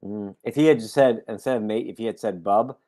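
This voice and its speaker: A man's voice: on the low side, brisk, mellow. A man co-hosting a casual podcast, joining in with teasing, playful banter. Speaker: podcast co-host.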